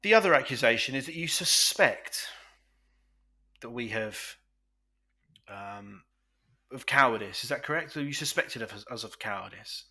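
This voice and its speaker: Man, bright forceful tone, pompous mock-courtroom defence, podcast banter. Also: mid-range voice, lively intonation, normal speed, long pauses. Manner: pompous mock-lawyer delivery.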